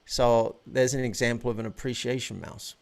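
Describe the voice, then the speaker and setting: A man talking as a podcast guest and coach in a relaxed, animated way, often stopping and restarting his words. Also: medium pitch, normal speed, gravelly. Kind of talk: casual interview chat.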